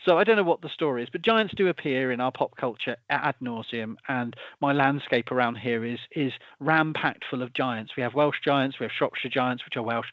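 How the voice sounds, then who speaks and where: A man's voice: medium pitch, fairly quick, hardly any pauses, dry recording, muffled recording. Chatty British man, rambling restarts. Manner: rambling, stammering restarts, chuckling asides. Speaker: host. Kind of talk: casual conversation.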